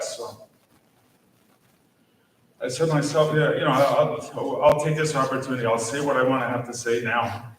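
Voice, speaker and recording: A man in his fifties, a teacher, giving halting, gently humorous memorial remarks with many fillers. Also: medium pitch, steady tone. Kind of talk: memorial speech. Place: large echoey school room at a podium. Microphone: distant podium mic. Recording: echoey room, distant mic, faint noise.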